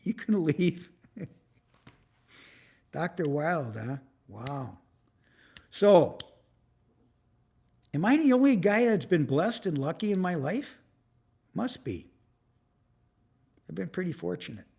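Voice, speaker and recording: Greeting chat viewers by name, a frustrated, swearing man in his seventies rambles through a casual live stream shot on a tripod-mounted phone or camera. His highish voice is sing-song, slow, gravelly and breathy-edged with a darkish tone and long pauses.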